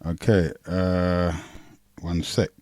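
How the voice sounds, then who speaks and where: A man's voice: sits low, little pitch movement, very slow, a little mellow, no echo, clean studio sound. A man hosting a live community radio talk show, speaking with many fillers and stammered restarts. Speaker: radio host.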